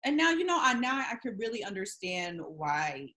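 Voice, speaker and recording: A woman's voice: mid-range voice, very animated, normal speed, pushed and bright. A woman hosting an interview, supportive and summing up her guest's feelings. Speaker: interview host. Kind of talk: interview chat.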